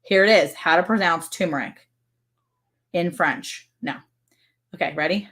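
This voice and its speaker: A woman's voice: fairly low pitch, a little slow, a bit bright. A woman from Maryland co-hosting a casual ranch livestream, talking in a playful, teasing, exclamatory way. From Maryland, USA.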